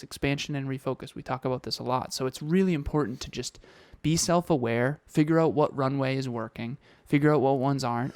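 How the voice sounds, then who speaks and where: A man's voice: mid-range voice, no echo. A man co-hosting a podcast in casual motivational chat, emphatic and fond of repeating key phrases. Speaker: podcast co-host.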